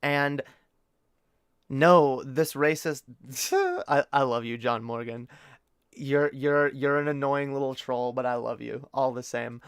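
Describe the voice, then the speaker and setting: A man's voice: medium pitch, fairly even intonation, slow pace, smooth, no room sound, studio quality. A man talking to his chat on a live stream, rambling and opinionated, swearing casually among lots of fillers and restarts. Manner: earnest and opinionated, addresses chat directly.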